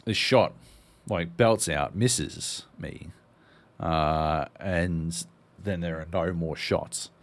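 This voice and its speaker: A man's voice: deep voice, drawn-out words. An Australian man co-hosting a podcast, telling a rambling story full of fillers and swearing. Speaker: podcast co-host. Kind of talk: casual storytelling.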